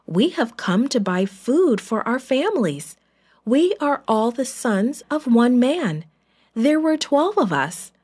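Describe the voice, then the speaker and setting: Woman playing worried men, pleading, anxious, higher than her usual voice, storybook. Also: very animated, slow, a little mellow, breathy edge, exaggerated voice. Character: group of worried grown brothers.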